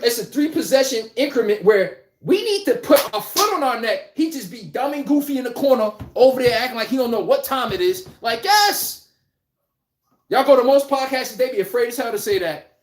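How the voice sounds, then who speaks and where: A man's voice: extremely high pitch, animated, moderate pace, roomy sound. A man hosting a casual live-stream sports podcast, talking bluntly and animatedly, swearing and laughing as he rants. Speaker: podcast host.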